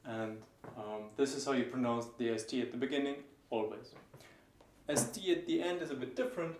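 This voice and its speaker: A man teaching German pronunciation, explaining each sound and slowly repeating example words. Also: mid-range voice, echoey room, noisy background. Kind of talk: pronunciation lesson.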